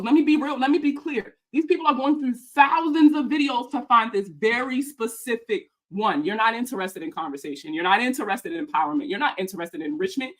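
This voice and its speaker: A woman's voice: high voice, fairly bright tone. A young woman in a heated, profane reaction vlog, talking emphatically and a little out of breath. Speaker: personal finance content creator.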